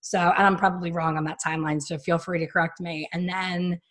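A woman in her fifties, a hairstylist hosting a casual chat, telling stories in an animated way and acting out quotes. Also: fairly low pitch, a little fast. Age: 50s. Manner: animated storyteller who acts out quotes. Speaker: hairstylist and podcast host.

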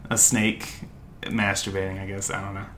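His voice is low-pitched and bright with a forceful tone, barely moving in pitch, at a moderate pace. He's a young American podcast co-host whose casual chat rambles along with lots of fillers and restarts.

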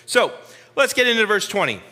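A man teaching a Bible study, explaining verse by verse in a slow, deliberate way and repeating key phrases. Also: high voice, sing-song, pushed and bright, in a large hall.

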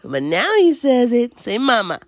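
A woman's voice: on the high side, huge pitch swings, a little slow, dry recording. A woman hosting a casual parenting podcast, chatting loosely with many fillers and laughs while at home with her toddler. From Washington. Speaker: podcast host.

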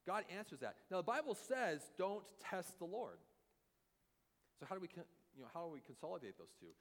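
A man preaching a sermon as a pastor, animated and acting out the voices of the people he quotes. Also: fairly high pitch, fast talker. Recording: long hall reverb.

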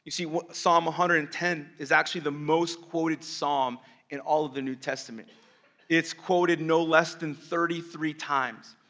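A man's voice: a little high, fairly even intonation, unhurried, a bit bright. A male pastor preaching a sermon, explaining the text step by step and asking his listeners rhetorical questions.

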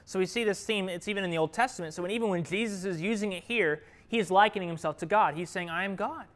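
A man's voice: high-pitched, fast. Young man casually teaching a Bible study. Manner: conversational, lively, drops to a whisper at times. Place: classroom with a group.

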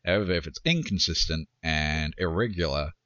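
Deep-voiced man, dry close sound. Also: normal speed, fairly bright tone, no room sound, dull audio. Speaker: podcast co-host. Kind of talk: casual chat.

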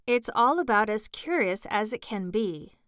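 A woman reading as the Gryphon, a bossy male beast from a storybook who lectures with impatient solemnity. The voice is smooth and sits on a dry close mic, taken at a measured pace. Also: medium pitch, animated, fairly bright tone, no echo.

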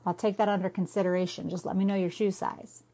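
A woman's voice: mid-range voice, flat delivery, quick pace, mellow, close to an everyday voice. A woman voicing a cocky young man who talks in smug, teasing banter.

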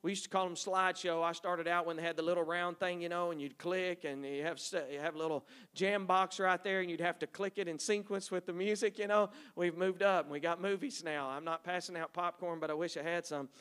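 A man's voice: high voice, steady tone, fairly quick, hardly any pauses, a bit bright, clean tone. A middle-aged man, a missionary telling folksy stories to a church audience. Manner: folksy, storytelling, addresses audience as y'all.

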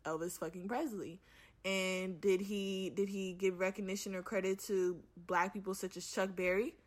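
A woman's voice: medium pitch, a little fast. Young woman, frank profane vlog rant, exasperated. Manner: frank and profane, heavy use of "like"; animated, exasperated. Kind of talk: casual ranting monologue to camera.

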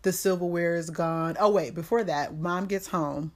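A woman's voice: fairly low pitch, moderate pace, darkish tone. A woman hosting a podcast, recapping a movie in a casual, profane, slangy way. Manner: profane, slangy storytelling with quoted voices. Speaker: podcast host.

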